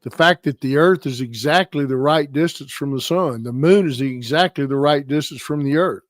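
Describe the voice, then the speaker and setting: A man's voice: fairly high pitch, moderate pace, no echo, clean studio sound. A man co-hosting a Bible study, talking enthusiastically and rambling with restarts. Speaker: co-host of a Bible study show.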